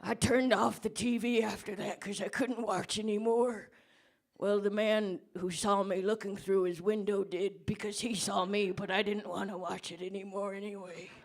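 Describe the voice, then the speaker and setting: A comedian playing a senile, fearful old man who rambles slowly about tunnels with sudden shouts, in a pub comedy debate. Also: medium pitch, level tone, gravelly, natural voice. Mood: rambling. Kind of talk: stand-up character debate. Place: pub stage before a live audience.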